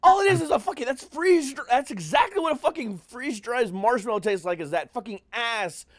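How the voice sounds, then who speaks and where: A man's voice: extremely high pitch, brisk, no echo, studio quality. A man hosting a podcast, swearing constantly and ranting with great energy in casual chat. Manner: profane, animated ranting. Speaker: podcast host.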